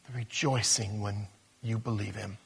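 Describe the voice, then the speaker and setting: A man preaching a conversational sermon, swinging between loud emphasis and soft asides. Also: on the low side, fairly even intonation, moderate pace, vocal fry, breathy edge.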